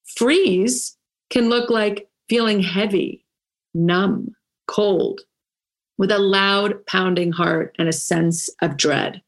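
A woman coach giving a motivational talk, emphatic and punchy, with dramatic pauses and playful asides, leading a breathing exercise. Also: mid-range voice. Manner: leads a guided breathing exercise. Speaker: women's coach.

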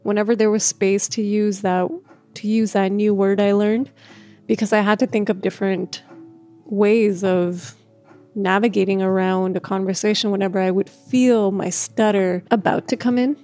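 Mellow-voiced woman who stutters. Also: medium pitch, steady tone, normal speed, soft background music. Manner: stutters, with repeated words and restarts; laughs often, speaks in a gentle, reflective way. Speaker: speaker sharing a personal story. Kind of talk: reflective personal talk.

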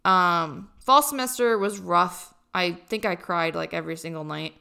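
A woman's voice: lowish voice, normal speed, vocal fry, bright, forceful tone, clear, resonant tone. A young woman in college chatting casually to camera, rambling and joking at her own expense with many fillers. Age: young adult. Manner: rambling, self-deprecating, lots of fillers. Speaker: college student vlogger. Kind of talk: casual chat.

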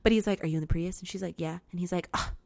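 A woman's voice: lowish voice, creaky, no echo. A young woman co-hosting a podcast, chatting casually about a film and acting out characters' lines. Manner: chatty, animated, quick to act out characters' lines. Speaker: podcast co-host. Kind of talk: casual chat recapping a film.

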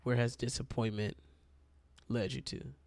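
A man's voice: mid-range voice, flat delivery, measured pace, a little mellow, no room sound. A man preaching a sermon in a conversational way, calling his listeners y'all, with an itchy throat.

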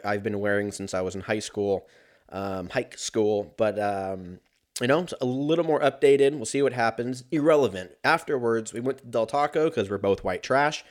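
Profane rambling man telling a story. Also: mid-range voice. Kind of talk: casual storytelling rant.

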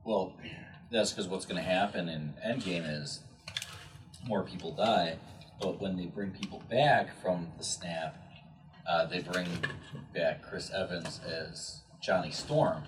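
Deep-voiced man with dry jokes. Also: slow pace. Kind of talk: casual movie chat. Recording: distant mic with faint noise.

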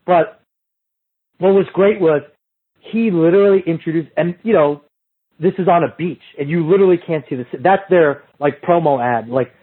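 A middle-aged man guesting on a podcast, his voice a little high and husky. He tells rambling anecdotes, restarts often, and drops into other people's voices for quotes. The sound comes through a thin, phone-like remote line. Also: moderate pace. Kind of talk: casual storytelling chat.

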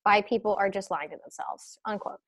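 A young adult woman hosting a casual podcast, chatting and telling stories in an animated, giggly way. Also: mid-range voice, brisk. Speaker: podcast host.

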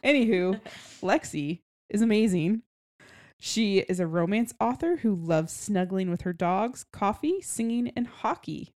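A woman's voice: mid-range voice, expressive, measured pace, a little mellow, dry recording, clean studio sound. Giggly young woman co-hosting a book podcast. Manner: bubbly, giggly, says "like" often. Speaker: podcast co-host. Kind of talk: casual book chat.

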